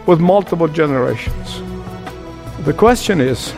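A man with a high voice preaches a sermon, pressing his points with emphatic repetition. His words carry a long reverb, as if spoken in a large hall. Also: lively intonation, moderate pace, soft background music. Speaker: pastor.

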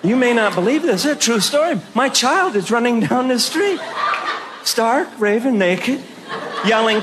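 An older man with a strikingly high voice tells a stand-up story, his pitch swinging widely. He acts out every exchange and laughs through his lines, with clear audience noise in the room. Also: animated, a little slow, crowd noise. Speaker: stand-up comedian.

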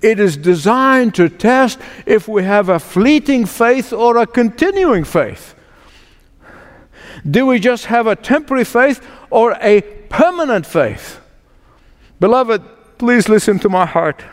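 A male pastor preaching a sermon with emphatic repetition, shifting from slow, drawn-out phrases to quick runs. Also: very high voice, expressive. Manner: emphatic, repeats phrases for stress; shifts between slow, drawn-out and rushed delivery. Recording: long reverb from a large hall.

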